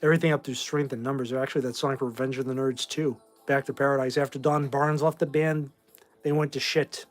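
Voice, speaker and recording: Tired and underslept, a man in his forties from Massachusetts hosts a relaxed livestream, answering chat with blunt, meandering talk. His voice is mid-range and flat, and he talks fast over soft background music.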